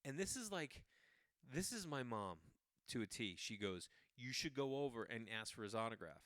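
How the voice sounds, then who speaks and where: This is a middle-aged man, hosting his podcast and telling a rambling story. His voice is bright and smooth, and he is recorded close with a dry sound. He talks in a loose, animated way, often stopping and starting over. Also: medium pitch, normal speed, no room sound. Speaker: podcast host. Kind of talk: casual storytelling monologue.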